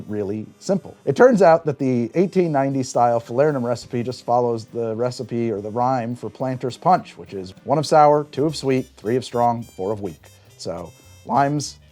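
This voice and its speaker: A man hosting a cocktail show, explaining a drink's history in an animated storytelling way and describing flavors aloud as he tastes. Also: mid-range voice. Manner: animated storytelling with big swings in emphasis. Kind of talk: conversational explainer.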